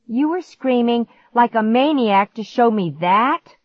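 A woman's voice: on the high side, measured pace, no room sound, voice pushed up, lightly acted. A woman voicing a scared, desperate young girl who cries out and whispers urgently, in slightly dull lo-fi audio. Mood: angry.

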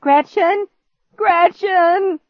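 Lady voicing a panicky little boy yelling high and shrill, kinda dull lo-fi sound. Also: big pitch swings, normal speed, no echo. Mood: frantic. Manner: high, shouting, stammering when scared. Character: frantic young boy, excitable brother.

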